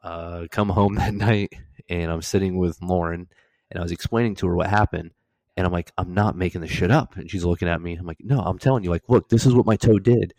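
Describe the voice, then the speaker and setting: A man's voice: sits low, fairly quick, a little mellow, dry recording. A young man co-hosting a podcast, telling stories animatedly, swearing and laughing as he goes. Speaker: podcast co-host. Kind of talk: casual storytelling chat.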